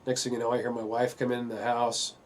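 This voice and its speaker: A man speaks in a middle-pitched voice, recounting a painful family episode. He is earnest and halting, with frequent fillers. A faint hiss sits under the recording. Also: completely flat delivery. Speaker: father telling his family story. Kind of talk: personal testimony.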